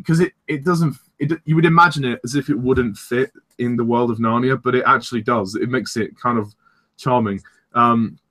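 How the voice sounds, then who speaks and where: Young man, film review co-host, casual chat, rambling, enthusiastic, bright forceful voice, mid pitch. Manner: rambling, enthusiastic, frank with swearing.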